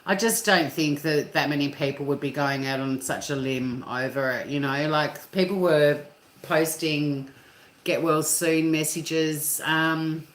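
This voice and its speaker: An Australian woman with a low voice talks casually to viewers from her kitchen, laughing easily and dropping the odd swear word. Her voice bounces around an echoey room. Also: steady tone, measured pace. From Tasmania, Australia. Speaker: livestream host. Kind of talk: casual chat reading viewer comments. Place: home kitchen.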